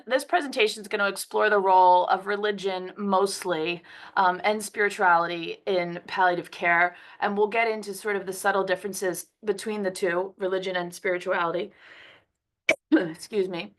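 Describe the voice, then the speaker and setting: A woman's voice: medium pitch, steady tone, moderate pace, a bit bright. A woman from Philadelphia, a physician who has a cold, giving a conversational webinar lecture over a computer mic. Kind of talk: webinar presentation.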